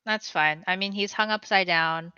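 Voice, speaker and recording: A woman's voice: fairly low pitch, normal speed, bright, forceful tone, clear, resonant tone, no room sound. A young woman playing a tabletop game, speaking bluntly and sarcastically in character. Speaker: player. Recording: dry, dull lo-fi sound.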